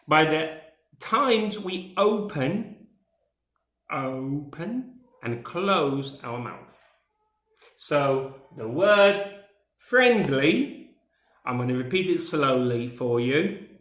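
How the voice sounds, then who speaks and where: A man a lesson on comparatives, very slowly and pulling words out one by one. His pitch rises and falls widely as he keeps checking that his learners follow. The room around him sounds echoey. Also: very animated, fairly bright tone. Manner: slow, careful, stretches words, checks in with "okay?". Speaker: English teacher.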